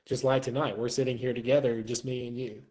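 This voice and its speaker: Speaking fast in a medium-pitched, slightly mellow voice with little pitch movement, a podcast guest reflects earnestly in casual chat, repeating words while he thinks. The recording is rough.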